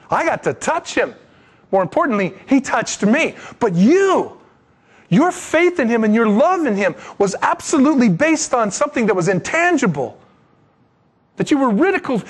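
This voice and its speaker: High-voiced man preaching animatedly. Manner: animated, joking preaching with sudden drops to quiet asides. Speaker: pastor. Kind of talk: sermon.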